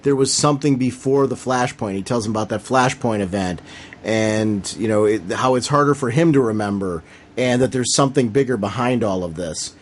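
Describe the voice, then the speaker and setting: Podcast co-host, man, middle voice, excitable, retells scenes with gusto. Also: medium pitch, brisk, slight background noise. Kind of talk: casual comics discussion.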